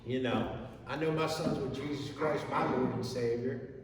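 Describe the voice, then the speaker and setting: A middle-aged man, a Gold Star father and founder, telling his story in halting, plain words and often restarting. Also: mid-range voice, fairly even intonation, noisy background. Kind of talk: emotional personal testimony to an audience. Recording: echoey hall from far off, faint ambience.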